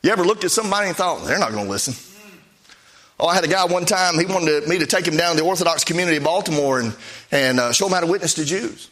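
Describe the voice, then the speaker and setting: A man who is a Baptist preacher, telling stories in a folksy, animated sermon with acted-out quotes. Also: a little high, fast talker. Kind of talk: storytelling sermon.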